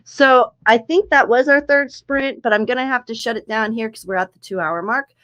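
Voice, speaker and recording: Young woman, streamer, from southern california, rambling, self-correcting, bright tone. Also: on the high side, moderate pace. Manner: rambling, self-correcting, talks to chat by name. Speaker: livestream host of writing sprints. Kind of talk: casual livestream chat to viewers.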